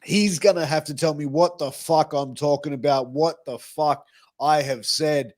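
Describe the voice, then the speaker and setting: A man's voice: fairly high pitch, steady tone, a little slow, a little mellow, no echo. A man with an Australian accent hosting a podcast, talking loosely with lots of swearing and fillers. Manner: laid-back, profane, filler-heavy. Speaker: podcast host. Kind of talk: casual podcast chat.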